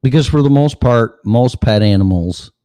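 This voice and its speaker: A man's voice: mid-range voice, expressive, moderate pace, warm tone, no echo. A man hosting a show, delivering a sarcastic, profane ranting monologue full of mocking asides. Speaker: show host.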